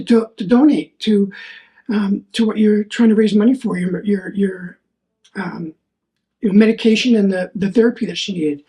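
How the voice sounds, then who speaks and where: A man's voice: sits high, mellow. Earnest rambling man telling a story. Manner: rambling, repeats words, earnest. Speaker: podcast host. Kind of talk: solo faith podcast storytelling.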